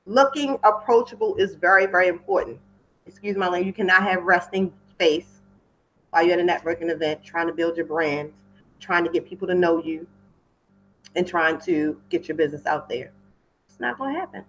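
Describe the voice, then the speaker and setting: A woman's voice: on the low side, fairly quick, dull audio. A woman hosting a webinar for wedding pros, chatty and off script, repeating words for emphasis over a computer mic. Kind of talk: casual talk from a webinar.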